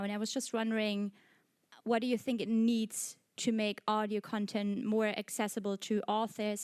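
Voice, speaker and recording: A woman's voice: mid-range voice, smooth, dry recording, clean studio sound. A woman in the audience asking the panel an articulate question, with some "like" fillers.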